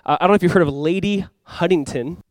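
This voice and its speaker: Lively high-voiced young man preaching. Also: quick pace, no room sound. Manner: animated, with sudden loud bursts and quiet asides; casual, conversational preaching with fillers and restarts. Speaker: pastor. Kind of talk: sermon. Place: church.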